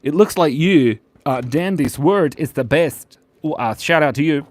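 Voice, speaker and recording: A man's voice: fairly high pitch, animated, measured pace, no echo. A man hosting a live drawing stream in a playful, chatty, jokey way. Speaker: host and illustrator.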